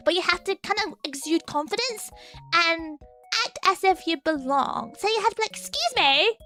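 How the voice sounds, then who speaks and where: A woman's voice: very high-pitched, animated, normal speed, bright, forceful tone, soft background music. A young woman streamer chatting casually, giggling often and repeating her words as she talks. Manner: giggly, laughs often between phrases. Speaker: virtual streamer. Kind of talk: casual chat.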